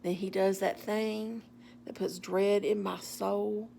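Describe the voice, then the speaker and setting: A woman telling a story in a casual, animated way with wry humor. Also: mid-range voice, slow, gravelly, slight background noise.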